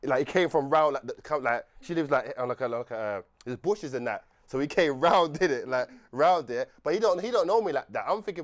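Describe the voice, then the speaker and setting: A young man telling a rambling, animated story on a podcast, laughing often and restarting his sentences. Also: mid-range voice, brisk, few pauses. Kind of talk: casual storytelling chat.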